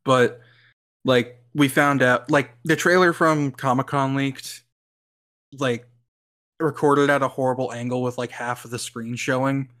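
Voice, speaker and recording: A man with a fairly bright, mid-range voice co-hosts a podcast, speaking unhurriedly with fairly even intonation. His casual chat rambles, peppered with likes, ums, and frequent laughter.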